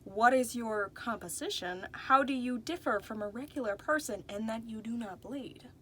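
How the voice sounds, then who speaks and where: A woman voicing a curious, bookish male doctor who asks slow, careful questions. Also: on the high side, sharp tone, breathy edge. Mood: inquisitive.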